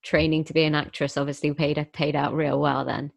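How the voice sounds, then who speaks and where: A young woman with a notably deep voice hosts a casual podcast chat. The sound is dry, with no room around it. She talks in a thoughtful, reflective way. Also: flat delivery, fairly quick, vocal fry, dry recording. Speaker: podcast host.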